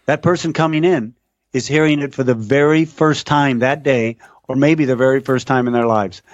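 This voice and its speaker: A man's voice: medium pitch, moderate pace, dry recording, dull audio. A man, a guest announcer, telling stories in a casual interview and acting out the people he quotes. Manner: animated storyteller, acts out quoted voices. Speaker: podcast guest, race announcer.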